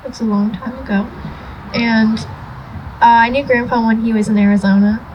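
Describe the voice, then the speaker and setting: Young woman, granddaughter, rambling story, high and flat voice. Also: normal speed, muffled recording, a little hiss or hum. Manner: rambling, many fillers, laughing softly. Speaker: granddaughter giving a eulogy. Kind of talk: memorial speech, personal story.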